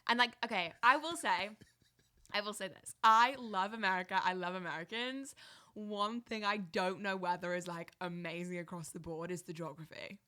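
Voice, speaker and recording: A woman's voice: mid-range voice, normal speed. A young woman with an English accent, chatting as a podcast guest, chatty and giggly as she tells stories. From England. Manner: chatty, giggly, animated storytelling. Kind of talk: casual chat. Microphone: podcast mic.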